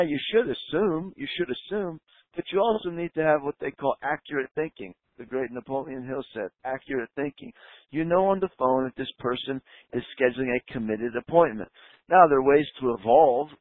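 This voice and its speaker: A man coaching dental front-desk staff in a training talk, emphatic and slowing down to stress key points. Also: medium pitch, no room sound, poor audio. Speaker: practice coach.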